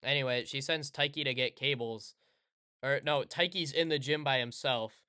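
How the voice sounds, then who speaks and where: A man's voice: mid-range voice, moderate pace, sharp tone, clear, resonant tone, dry recording, clean studio sound. Rambling, sarcastic young man. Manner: rambling, sarcastic, self-correcting. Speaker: streamer. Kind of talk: casual commentary over gameplay.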